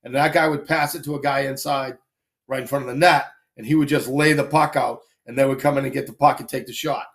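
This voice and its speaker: A man casually telling animated anecdotes on a live stream, acting out quick voices as he goes. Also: medium pitch, gravelly. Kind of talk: casual storytelling.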